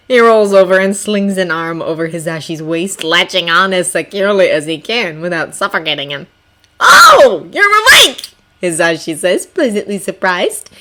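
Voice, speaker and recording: A woman reading fan fiction aloud in expressive, animated narration. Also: lowish voice.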